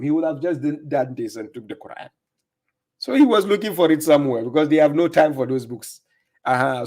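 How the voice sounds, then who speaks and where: A man's voice: on the high side, a little mellow. A man hosting a livestream, giving mocking, sarcastic religious commentary on video clips he plays. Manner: scornful, sarcastic, lecturing. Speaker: livestream host reacting to clips.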